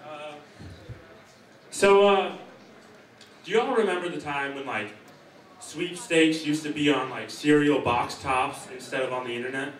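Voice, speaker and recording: A young man doing a stand-up comedy set, offhand and deadpan with rambling asides. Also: a little high, measured pace, long pauses, recorded from a distance. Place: comedy stage in a hall. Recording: echoey hall, mic heard from afar.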